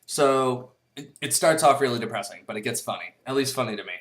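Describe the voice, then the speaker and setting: A man talks straight to his camera in a loose, unscripted vlog. He is blunt and profane, wanders off topic, and fills gaps with plenty of hesitations. His pitch sits at an ordinary middle height for a man. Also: animated, fairly quick, a bit bright. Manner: rambling, blunt and profane, with many fillers. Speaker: vlogger. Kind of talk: casual monologue to camera.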